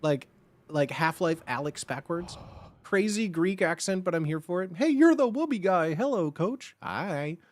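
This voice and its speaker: High-voiced rambling male streamer. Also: animated, a little slow, no echo. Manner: rambling, full of "like" and restarts; playful and jokey. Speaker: livestream host. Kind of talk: casual livestream chat with viewers.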